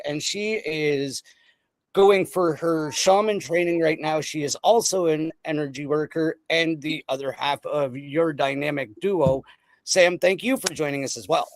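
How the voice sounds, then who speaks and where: A man hosting a casual podcast chat, excitable and rambling, often breaking into laughter. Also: on the high side, vocal fry, no room sound. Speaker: podcast host.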